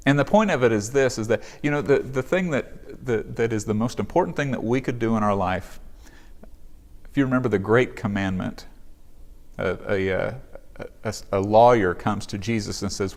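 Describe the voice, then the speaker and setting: Low-voiced male pastor preaching. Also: moderate pace. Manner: earnest, conversational preaching. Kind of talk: sermon.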